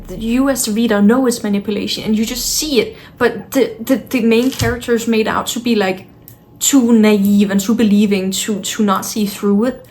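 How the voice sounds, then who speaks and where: A woman's voice: on the high side, darkish tone, a little hiss or hum. A woman book vlogger talking casually to camera at home, frustrated, blunt and swearing as she rants. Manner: blunt and exasperated, with sighs. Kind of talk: casual vlog talk to camera.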